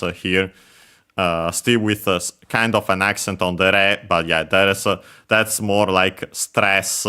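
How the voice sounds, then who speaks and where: A Japanese language teacher streams gameplay while teaching Japanese, speaking hesitantly with lots of filler words and self-corrections. His voice sits low and has a sharp tone.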